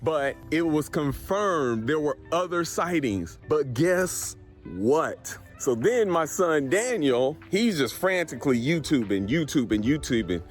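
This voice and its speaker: Animated middle-aged man telling a story. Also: fairly high pitch, slow, faint music behind. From Colorado, USA. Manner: animated, laughs through the story. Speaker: real estate appraiser. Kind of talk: casual storytelling to camera.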